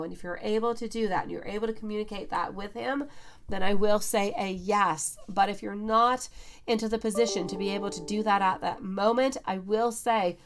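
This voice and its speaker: A woman's voice: mid-range voice, fairly even intonation, a little fast. A woman reading tarot on a live stream, greeting chat viewers by name and calling them sweetie and beautiful. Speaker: tarot reader.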